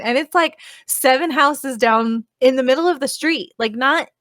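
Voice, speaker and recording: A woman's voice: sits high, moderate pace, few pauses, a bit bright, dry recording, clean studio sound. A woman in her thirties telling a story in casual chat, rambling, swearing and filling her talk with "like.". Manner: rambling, profane, full of "like" fillers.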